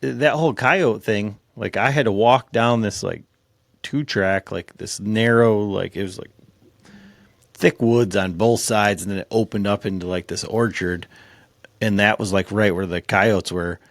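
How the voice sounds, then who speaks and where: A man hosting a podcast, telling hunting-camp stories in an animated, casual way with lots of fillers. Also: lowish voice, a little slow, gravelly, no echo. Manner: animated, laughing retelling with many fillers. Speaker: podcast host. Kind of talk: casual storytelling chat.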